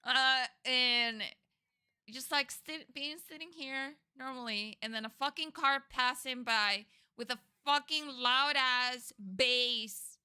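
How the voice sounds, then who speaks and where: Bright, high-voiced woman ranting. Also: slow, clean tone. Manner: ranting, swears a lot, exasperated. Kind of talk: casual chat.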